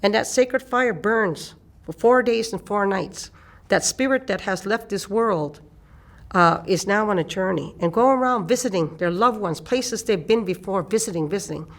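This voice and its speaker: With a mid-range voice, this older eastern Canadian woman shares a personal story as an elder would, taking her time and repeating phrases to stress them.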